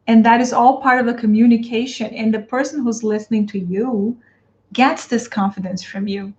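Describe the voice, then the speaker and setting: A woman from Brazil with a Brazilian Portuguese accent, coaching English teachers in a live stream. She answers viewer comments, talks straight to the audience and repeats her phrases. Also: fairly high pitch. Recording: dull lo-fi stream audio.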